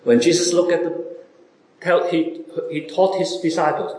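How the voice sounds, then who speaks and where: A man preaching a sermon, asking his listeners question after question, with big swings between loud and soft. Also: fairly even intonation, measured pace. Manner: repeated rhetorical questions to listeners, wide dramatic swings in pitch and loudness. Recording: echoey room.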